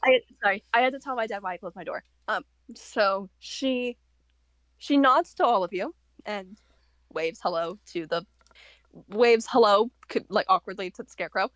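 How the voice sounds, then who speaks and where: A woman's voice: medium pitch, moderate pace, no room sound. A young woman playing a tabletop role-play game, describing her character's actions with many hesitations. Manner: hesitant, narrates her character in third person. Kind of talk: casual chat while role-playing.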